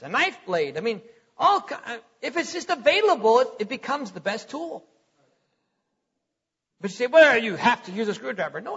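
High, bright-voiced preacher in a hall. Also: male voice, breathy edge. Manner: conversational, repeats words, chuckles between points. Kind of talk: sermon. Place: church hall. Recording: lo-fi recording in a reverberant hall.

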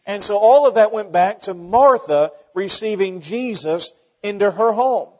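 A man preaching a sermon as pastor, earnest and halting, with many fillers and restarts. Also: high-pitched, expressive, a little mellow. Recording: dull sound with long hall reverb.

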